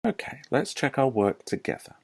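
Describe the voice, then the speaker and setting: A man with a British accent, a primary school teacher giving a recorded lesson to young children, explaining slowly and patiently with questions to the class. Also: medium pitch, sing-song, a little mellow, no room sound. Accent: British English. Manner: slow, clear, patient explaining with rhetorical questions.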